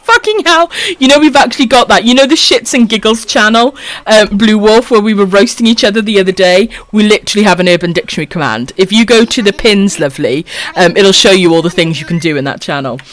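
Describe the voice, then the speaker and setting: A woman's voice: mid-range voice, quick pace, hardly any pauses. A Welsh woman live-streaming a game, reading chat comments with affectionate pet names, frequent swearing and lots of laughter. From Wales.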